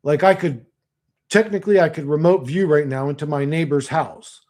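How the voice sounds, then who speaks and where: Crude rambling man, fairly high voice. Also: steady tone, normal speed, darkish tone. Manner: rambling, crude, slangy, mocking impressions. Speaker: streamer answering chat. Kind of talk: profane casual livestream rant.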